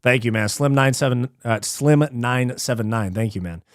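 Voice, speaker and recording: A man hosting a live stream, chatting casually, reading viewer messages aloud and thanking them, relaxed and slangy, swearing freely. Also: medium pitch, moderate pace, dry recording, studio quality.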